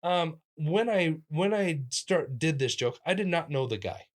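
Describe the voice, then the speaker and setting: A man, a comedian, telling stories in a casual interview, animated and acting out the voices of people he quotes with sudden jumps in pitch. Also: unhurried. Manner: talks in restarts and fillers, lively physical-comic energy. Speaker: comedian guest.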